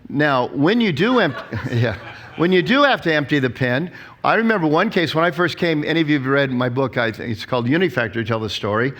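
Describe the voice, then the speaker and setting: A man's voice: a little high, a little fast. A man in his sixties, a pastor giving a conference talk, who tells stories and acts out the quotes. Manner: storytelling, animated, acts out quotes.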